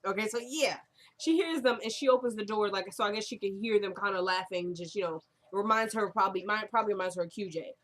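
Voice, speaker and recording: A woman's voice: medium pitch, brisk. A woman casually recapping a TV drama episode, chatty and full of fillers, acting out the characters' lines as she retells scenes.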